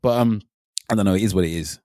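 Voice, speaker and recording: A man co-hosting a podcast in casual chat, animated, repeating himself and laughing often. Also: fairly low pitch, fast talker, no echo, studio quality. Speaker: podcast co-host.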